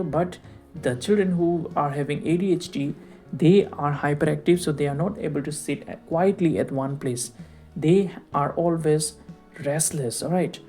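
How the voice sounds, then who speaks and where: A man giving a recorded lecture, explaining slowly and checking in with rhetorical questions like "right?". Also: on the high side, dark tone. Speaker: teacher.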